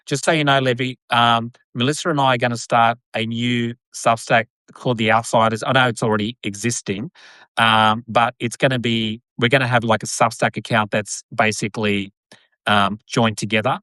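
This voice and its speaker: A man's voice: medium pitch, fairly even intonation, moderate pace, pushed and bright, clear, resonant tone, no echo. Rambling man hosting a podcast. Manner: rambling, lots of fillers and repeated yeahs. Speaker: podcast host. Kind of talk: casual chat on a live video.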